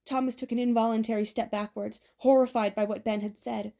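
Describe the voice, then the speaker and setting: A woman narrating an audiobook with a steady, even reading. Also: fairly high pitch, fairly quick, gravelly.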